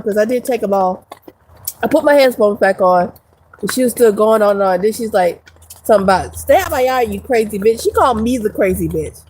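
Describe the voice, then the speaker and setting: A woman's voice: fairly high pitch, darkish tone, slight background noise, low-quality recording. A woman vlogger ranting casually to her viewers, profane and rambling, laughing often. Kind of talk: casual rant to camera.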